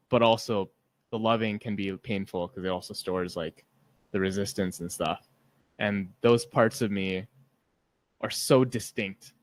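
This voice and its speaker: A man's voice: on the low side, dry recording. A man co-hosting a podcast who talks openly and emotionally in a rambling, casual way, filling his speech with "like" and swearing freely. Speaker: podcast co-host. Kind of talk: casual reflective chat.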